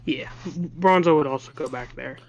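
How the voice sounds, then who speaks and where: A player in a tabletop game who chimes in with slow, hesitant comments. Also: mid-range voice, dull audio, a little hiss or hum.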